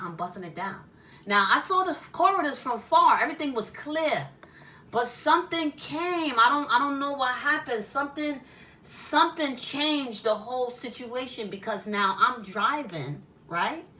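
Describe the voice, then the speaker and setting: A woman telling a casual story about being pulled over, animated and profane, often laughing and acting out the exchange. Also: on the high side, recorded from a distance. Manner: lively, animated, swearing, with laughs. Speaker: spiritual shop owner and storyteller.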